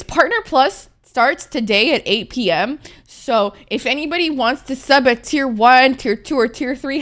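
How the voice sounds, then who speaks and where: A woman's voice: on the high side, fairly bright tone. A young adult woman streaming, chatting casually with her viewers in a playful, rambling, profane way, often laughing.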